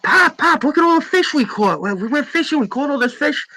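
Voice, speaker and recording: A man voicing eager grown sons calling out excitedly to their father. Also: very high-pitched, fairly quick, no room sound, voice pushed up, heavily acted.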